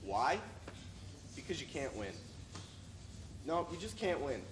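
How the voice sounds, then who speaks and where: A man's voice: a little high, big pitch swings, takes it slowly. A man acting as a cynical husband who lectures sardonically on giving in to women, in a student stage play. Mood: sardonic. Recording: echoey, noisy stage recording.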